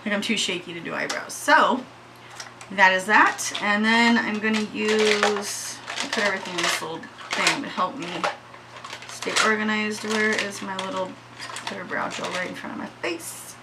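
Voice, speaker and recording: A woman's voice: medium pitch, normal speed, background noise. A woman chatting casually through a makeup tutorial at home, shaky and anxious, swearing freely. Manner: chatty, swears freely, yells at her dogs. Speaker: beauty vlogger.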